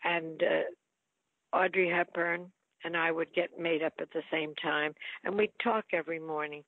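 A woman's voice: deep voice, a little slow, dry recording. An older actress, telling chatty stories about her film career in an interview. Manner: chatty storyteller, lively quoted asides. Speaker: actress guest. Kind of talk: reminiscing interview. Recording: tinny phone-like line.

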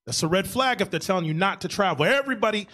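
A man's voice: high-pitched, lively intonation, fast talker, pushed and bright. A church elder, a man speaking in sermon commentary, with an earnest, exhorting manner.

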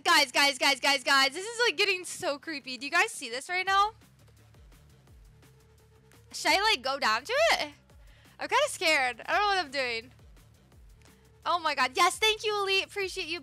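A young woman with a very high, bright voice chats bubbly and fast-reacting through a live gaming stream, calling out viewers by name. Game music plays faintly behind her. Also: no room sound. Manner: bubbly, greets chat by name, gasps often.

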